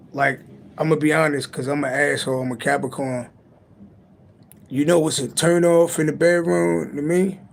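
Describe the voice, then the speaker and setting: Raspy, profane man streaming a tarot reading. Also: fairly high pitch. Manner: loose, profane, rambling and joking. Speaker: tarot reader on a live stream. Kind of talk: casual late-night livestream chat and tarot reading. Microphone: livestream mic.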